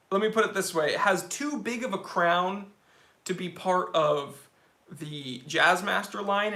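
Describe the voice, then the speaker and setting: A man hosting a casual live stream about watches, opinionated and animated, answering viewer questions. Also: high-pitched, creaky, roomy sound.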